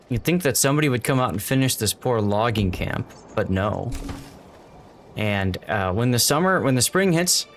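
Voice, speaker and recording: Male streamer, casual gameplay chatter, thinking out loud, mid pitch, soft music behind. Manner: thinks aloud, greets chat warmly.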